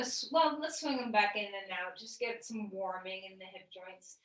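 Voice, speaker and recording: A woman teaching a gentle yoga class, guiding slowly with calm, questioning cues and the odd filler. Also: on the high side. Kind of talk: guided yoga class instruction. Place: room, lying on the floor. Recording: echoey room, voice from a distance.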